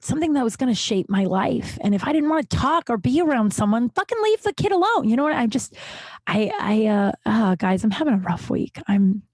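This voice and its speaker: A woman in her late thirties from Colorado hosting a podcast, talking in a halting, tearful, emotional monologue full of restarts and swearing. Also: a little high, sing-song, darkish tone, no echo. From Colorado, USA. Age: late 30s. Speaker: podcast host.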